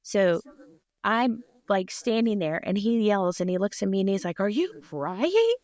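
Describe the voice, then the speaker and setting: A woman in her forties, a surgical technology department chair, telling an animated personal story in a podcast interview and laughing often. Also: mid-range voice, moderate pace, no room sound, clean studio sound. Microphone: podcast microphone.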